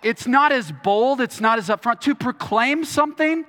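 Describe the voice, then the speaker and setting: A man's voice: extremely high pitch, animated, moderate pace, pushed and bright. A man from Texas preaching a sermon as pastor, earnest, often repeating words and restarting his phrases. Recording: long hall reverb.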